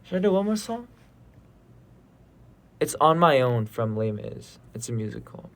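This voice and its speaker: A man's voice: medium pitch, big pitch swings, measured pace. A young man in his twenties hosting a casual livestream, chatting easily and thinking aloud between songs. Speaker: idol livestream host.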